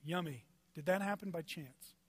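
Here a man preaches a sermon in a fairly high, slightly rough voice at a moderate pace, with no echo. He talks to the congregation conversationally, sharing personal anecdotes and stringing together rhetorical questions to build each point.

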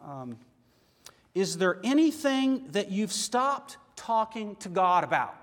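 A man's voice: sits high, sing-song, slow pace, long reverb tail. A middle-aged man preaching a sermon in a church, earnest and conversational, asking his listeners questions. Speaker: pastor.

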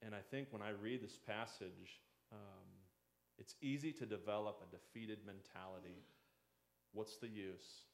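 A man's voice: lowish voice, unhurried, vocal fry, echoey room. A man preaching a conversational sermon as a pastor, slipping into the voices of doubters and critics.

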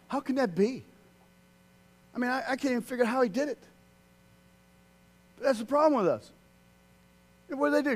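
A man preaching a sermon, swinging from loud, excited outbursts to hushed, quiet passages. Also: extremely high pitch, fairly quick, pauses often.

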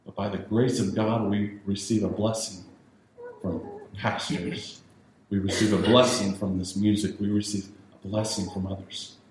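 Male pastor, low-ish voice, emphatic sermon delivery, very reverberant sanctuary. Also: flat delivery, normal speed, a little mellow. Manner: emphatic preaching with repetition, rising to raised urgency. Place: church sanctuary. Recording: very echoey church with faint hiss.

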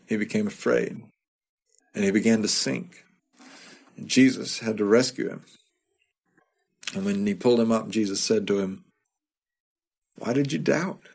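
A man with a lowish voice preaching a sermon to his congregation. He speaks conversationally, stumbles into repeated words, and now and then chuckles at the story he's telling. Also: a little mellow. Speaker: pastor.

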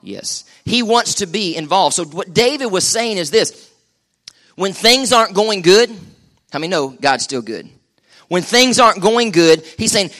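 Bright-voiced pastor, man. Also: high voice, animated, moderate pace. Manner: joking, chatty, calls for crowd response. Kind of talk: lively live sermon. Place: church service with live congregation.

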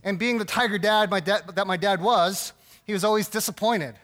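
A man's voice: high voice, fairly quick, fairly bright tone. A man giving a sermon in a conversational, storytelling way, often checking in with the audience with "right?". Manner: conversational, self-deprecating storytelling with frequent "right?" asides. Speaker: pastor.

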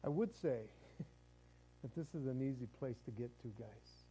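A man's voice: mid-range voice, measured pace, warm tone, a little hiss or hum, poor audio. A male pastor giving a conversational sermon who often repeats words and chuckles as he talks.

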